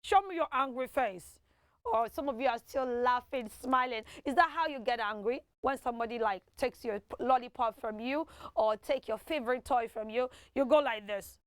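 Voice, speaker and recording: A woman's voice: a little high, moderate pace, few pauses, clean tone, dry recording, studio quality. A woman presenting a children's TV lesson, coaxing the kids through call-and-response pronunciation drills. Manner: animated, coaxing teacher who leads call-and-response drills.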